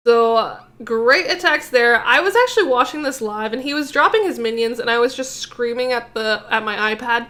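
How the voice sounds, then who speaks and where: A woman's voice: a little high, normal speed, few pauses, pushed and bright. A young woman hosting a gaming video, giving a casual, upbeat commentary recap of a strategy game attack. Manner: upbeat, chatty recap with fillers.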